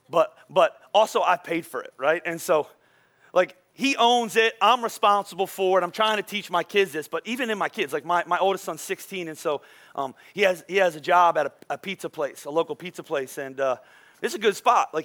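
A man in his forties preaching a sermon to his congregation, throwing questions at them and acting out children's outbursts. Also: high-pitched. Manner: animated, acts out kids' outbursts; talks to the congregation, asks questions. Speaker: pastor.

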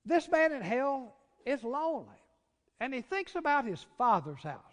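A man with a Southern American accent preaching a sermon, dropping to hushed, drawn-out words and rising to loud, urgent cries. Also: very high-pitched, sing-song. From Southern United States. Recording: long reverb of a large hall.

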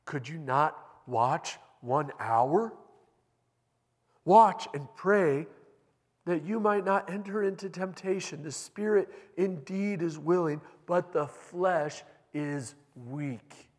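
Man reading Jesus, sorrowful resolute teacher, earnest, slow and deliberate, long hall reverb. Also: medium pitch, close to an everyday voice.

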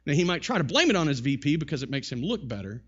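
Emphatic male pastor with a fairly high voice, lo-fi sermon recording, rhetorical questioning delivery. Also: big pitch swings, quick pace, slightly rough.

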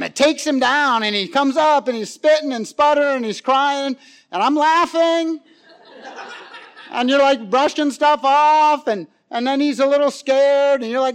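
A middle-aged man delivers a sermon in a high, light voice. He talks loosely, with plenty of fillers and questions thrown to the congregation. He rises to loud, lively stretches and drops to near-hushed emphasis. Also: normal speed, clear, resonant tone. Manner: conversational, with frequent fillers and audience questions. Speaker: pastor.

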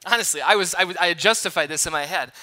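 A man in his thirties from Wisconsin preaching a sermon, telling a personal story in an animated, conversational, self-deprecating way. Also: sits high, rapid-fire. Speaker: pastor. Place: large church hall.

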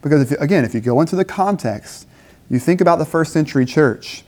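A man's voice: on the high side, expressive, a little fast, a little mellow. A man preaching a conversational sermon at a campus dinner gathering, asking rhetorical questions and briefly acting out biblical speakers.

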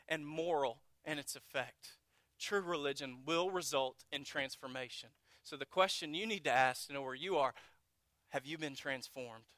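Pastor guy giving a sermon, kinda high bright voice, earnest and blunt, dry close sound. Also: no echo. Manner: earnest, blunt, rhetorical questions.

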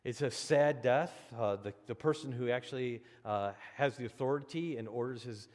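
A man preaching a sermon as pastor, in an animated, conversational way with frequent restarts. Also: mid-range voice, moderate pace. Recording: long hall reverb.

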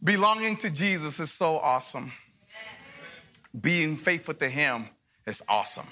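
A middle-aged man preaches a revival sermon in a church. His voice is bright and forceful and sits a little high for a man. He jokes with the crowd and calls out for answers as he preaches. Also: very animated, a little slow, a little hiss or hum. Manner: joking, call-and-response preaching. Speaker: guest pastor. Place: church service before a congregation.

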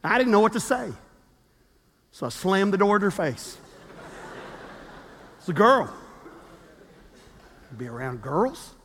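Animated preacher man in echoing hall. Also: sits high, slow pace, long pauses, husky. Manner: animated storytelling, acts out quotes. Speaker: pastor. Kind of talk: sermon.

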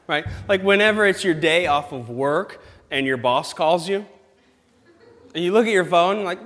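Animated male preacher in a reverberant hall. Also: high-pitched, normal speed. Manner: animated, playful, exaggerated reactions. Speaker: pastor. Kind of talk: casual sermon.

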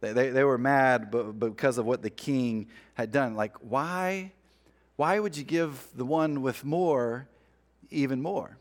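A man of medium pitch preaches a sermon to his congregation. He talks in a relaxed, conversational way and briefly voices the figures of the parable as he retells it. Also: unhurried. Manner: conversational, animates the king's lines in retelling. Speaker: pastor.

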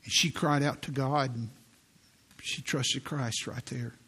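A man in his sixties, a pastor preaching a sermon in a church, telling stories in an earnest way and slowing down for quoted prayers. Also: mid-range voice, steady tone, a bit bright, husky. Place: church sanctuary.

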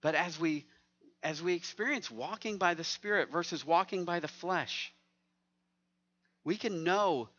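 A man's voice: a little high, a little slow, long pauses, fairly bright tone, dull audio. A man preaching a sermon as pastor, conversational and joking with the congregation.

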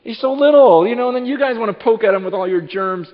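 A man in his thirties preaching a sermon, halting and repeating words, telling stories with lively acted-out asides. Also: sits high, noisy background. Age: 30s. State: short on sleep. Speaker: pastor. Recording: dull sound with long hall reverb.

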